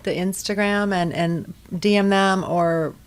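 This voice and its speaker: A woman's voice: medium pitch, steady tone, a little slow. A woman co-hosting a casual podcast, eagerly jumping in with recommendations and asides. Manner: enthusiastic, jumps in with asides. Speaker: podcast co-host. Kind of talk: casual recap podcast chat.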